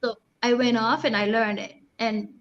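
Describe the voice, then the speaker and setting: A woman with a high voice tells family stories in a playful way and laughs along as she goes. The sound is dull and lo-fi. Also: steady tone, moderate pace. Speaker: guest. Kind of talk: casual chat.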